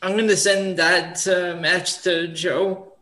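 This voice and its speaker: A man with a high voice co-hosts a casual podcast and keeps a laid-back, chuckling tone. His audio sounds roomy and echoey. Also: little pitch movement, takes it slowly, pushed and bright. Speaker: podcast co-host. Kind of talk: casual wrestling podcast chat.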